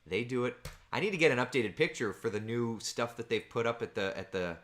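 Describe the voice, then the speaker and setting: A man's voice: medium pitch, brisk, fairly bright tone. A man giving a casual weather forecast from home, chatting and rambling through viewer comments on a computer camera mic. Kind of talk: casual livestream forecast chat. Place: at home with his small children nearby.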